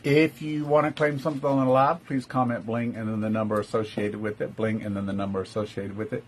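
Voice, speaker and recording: A man's voice: on the low side, level tone, brisk, husky. A man with a Texan accent hosting a live-stream jewelry sale, chatty, greeting viewers by name and calling them love. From Texas. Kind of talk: live-stream sales chat.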